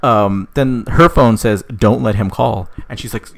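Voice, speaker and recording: A man casually telling a made-up story, rambling with many fillers, swearing, and voicing the characters' lines in a higher pitch. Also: a little slow, gravelly.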